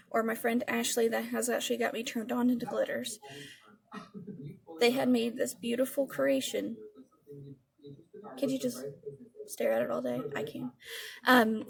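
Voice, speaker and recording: Chatty woman with a gravelly voice. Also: on the high side. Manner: chatty, rambling, swears casually. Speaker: beauty vlogger. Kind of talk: casual product review.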